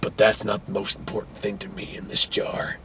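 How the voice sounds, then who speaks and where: A man voicing a creepy, soft-spoken older male ex-convict in a low whisper. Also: monotone, a little fast, a little hiss or hum, natural voice. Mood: hushed creepy. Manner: creepy, gentle.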